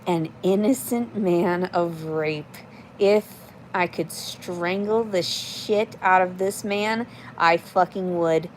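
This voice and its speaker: A woman's voice: lowish voice, slow, a little hiss or hum. A woman in her thirties livestreaming in casual chat, reading out comments and answering them in a blunt, profane, rambling way.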